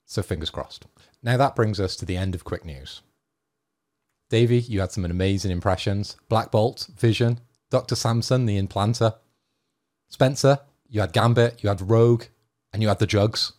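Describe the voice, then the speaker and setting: A man's voice: fairly low pitch, normal speed, darkish tone. A man hosting a casual podcast, steering the segment with wry, self-deprecating humour. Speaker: podcast host. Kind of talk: casual banter among friends.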